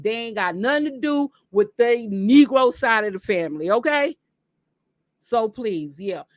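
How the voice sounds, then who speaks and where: A woman's voice: mid-range voice, no echo. A woman hosting a casual livestream monologue, talking bluntly and emphatically with a lot of swearing. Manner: blunt, profane, emphatic ranting. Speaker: livestream host.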